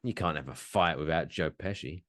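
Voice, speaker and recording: A man's voice: extremely low pitch, moderate pace. A man co-hosting a podcast in casual banter, playful, with announcer-style build-ups that draw out names. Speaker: podcast co-host.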